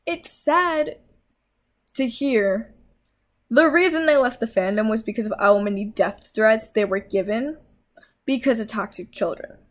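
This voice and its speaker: A woman's voice: fairly high pitch, measured pace. A young woman vlogger in a heated, swearing rant, scolding her viewers. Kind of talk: angry rant.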